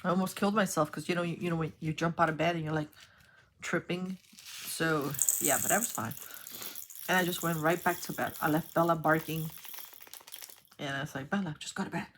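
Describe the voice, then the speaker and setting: A woman's voice: low-pitched, brisk, pauses often, slight background noise. A woman vlogger telling a rambling story in a chatty way while she sorts her craft supplies. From New York. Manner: chatty, rambling, animated when retelling.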